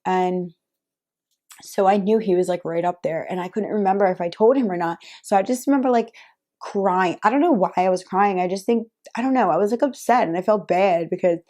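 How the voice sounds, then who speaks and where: Chatty young woman with a mellow voice. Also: medium pitch, a little fast. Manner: chatty, lots of "like" fillers, frequent laughs. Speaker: vlogger. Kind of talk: casual storytelling to camera.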